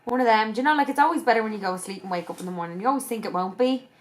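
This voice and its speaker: A woman's voice: a little high, very fast. A woman, sounding tired, chatting casually in a vlog and telling a story full of swearing and "like". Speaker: vlogger. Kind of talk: casual chat.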